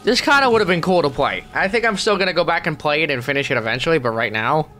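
A man's voice: a little high, fast, soft background music. A man voicing a grumpy, weary middle-aged male squid, grumbling sarcastic commentary while playing a game. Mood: bewildered. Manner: sarcastic, grumbling, deadpan asides. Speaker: let's play gamer. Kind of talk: character let's play commentary.

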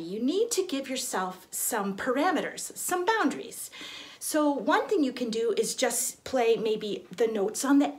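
Woman violin teacher in a studio, kinda high voice, gentle and encouraging. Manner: gentle, encouraging, with small restarts. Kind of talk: friendly instructional explanation. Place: recording studio.

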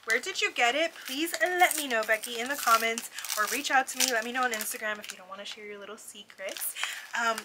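A woman casually unboxing gifts in a vlog, gushing and excitable, with frequent gasps of delight. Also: on the high side, background noise. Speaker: vlogger opening a gift box. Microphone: ring light setup, camera on a desk.

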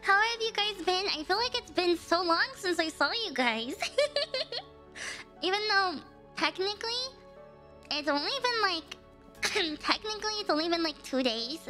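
A woman's voice: very high voice, animated, a little slow, long pauses, over music. A young woman streaming as a VTuber, chatting casually with her viewers, laughing often and reacting to the chat. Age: young adult. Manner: giggly, talks back to chat, frequent laughter.

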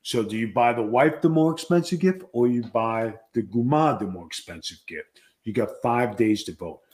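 A man co-hosting a podcast who teases his wife in a calm, low-key way and then tells a story. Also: normal speed. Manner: teasing and low-key, playing it cool. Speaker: podcast co-host. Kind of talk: comic married-couple banter.

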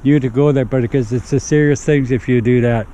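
A man's voice: mid-range voice, fairly even intonation, fairly quick, dark tone, a little hiss or hum, poor audio. A middle-aged man preaching on the street outdoors, earnestly pleading with a listener. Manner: earnest, pleading, keeps urging. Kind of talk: one-on-one street evangelism. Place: outdoors in a city park in winter.

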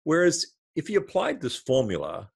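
A man who is a marketing consultant, a guest in an interview, explaining his ideas through a lively step-by-step storytelling example. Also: on the high side, normal speed, vocal fry, husky.

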